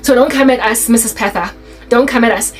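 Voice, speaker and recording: A woman tells a funny school story in a lively, casual vlog. Her voice sits high, she laughs often, and faint music plays beneath her. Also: a little fast, rough recording. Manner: animated, laughs often while telling. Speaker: YouTuber.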